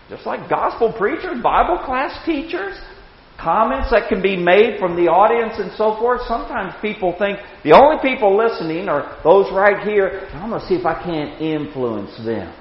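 A man in his sixties teaching a Bible class with anecdotes, animated, chuckling and repeating words as he starts sentences. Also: very high-pitched, unhurried. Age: 60s. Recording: echoey hall, dull lo-fi sound.

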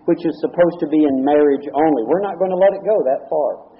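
A man leads an evening Bible study in an earnest, explanatory way, reading a verse and then unpacking it. His voice sits a little high for a man and he often repeats a word as he restarts. The recording is dull and lo-fi. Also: fairly quick. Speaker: Bible teacher.

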